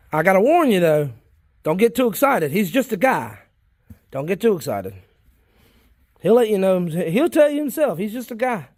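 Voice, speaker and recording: Filming his worm bins, a worm farming vlogger from South Carolina chats in a casual, folksy way, rambling and easily excited. His voice sits high, and the recording is clean studio sound with no room sound.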